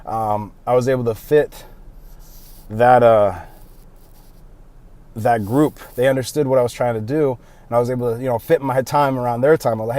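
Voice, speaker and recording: Out of breath from outdoor cardio, a young man who vlogs about powerlifting talks into a handheld phone in a loose, rambling monologue with fillers and self-deprecating asides. His voice is mid-range and warm, a little fast, with fairly even intonation and no room sound.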